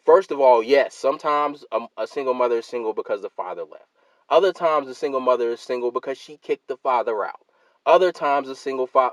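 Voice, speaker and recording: A man hosting his own channel, ranting and reading out a comment exchange, getting loud and emphatic on his own replies. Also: mid-range voice, no echo. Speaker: channel host.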